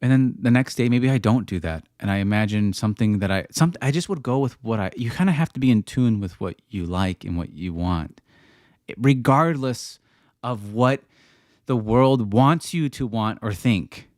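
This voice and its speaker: A man's voice: medium pitch, lively intonation, normal speed, darkish tone, dry recording, studio quality. A man hosting a casual livestream Q&A, talking through chat questions in a rambling way that drifts into rants, with frequent restarts. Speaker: livestream host answering chat.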